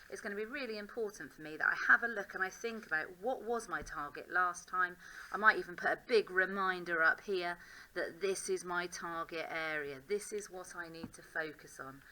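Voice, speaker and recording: An English woman with a low-set but very bright voice talks through her written work as a teacher. She thinks aloud in an upbeat, self-encouraging way, as in a classroom demonstration. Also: normal speed, slight background noise, low-quality recording.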